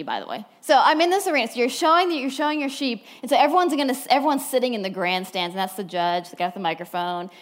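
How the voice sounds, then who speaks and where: Woman preacher, fairly high voice, animated storyteller, sermon talk. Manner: animated storytelling, wide swings from bright to hushed. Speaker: speaker at a church talk.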